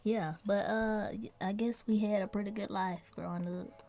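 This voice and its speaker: A woman's voice: medium pitch, fairly even intonation, normal speed, dark tone, soft background music. A woman, hosting a casual chat and teasing her brother. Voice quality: slight rasp. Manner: teasing, playful. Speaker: podcast host, sibling.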